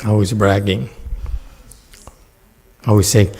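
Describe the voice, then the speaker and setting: This is a man teaching meditation in a question-and-answer dharma talk. He speaks slowly in a mellow, relaxed voice. He laughs often and keeps checking in with "okay?". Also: medium pitch.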